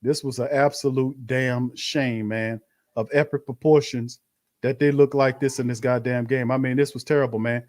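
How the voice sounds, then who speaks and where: A man's voice: mid-range voice, fairly even intonation, moderate pace, darkish tone. A man hosting a live-stream watch party, commenting bluntly on a loss and calling his viewers fam. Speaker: sports show host.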